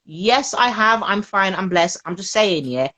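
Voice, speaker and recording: A lively woman chats on a podcast as a guest. She talks in a medium-pitched voice, laughs often, and mimics the people she quotes with playful put-on voices. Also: a little slow. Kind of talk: casual chat.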